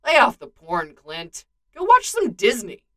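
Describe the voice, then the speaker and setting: A woman's voice: fairly high pitch, huge pitch swings, measured pace, pushed and bright, exaggerated voice. A woman voicing a flustered, blunt young male soldier given to exasperated outbursts.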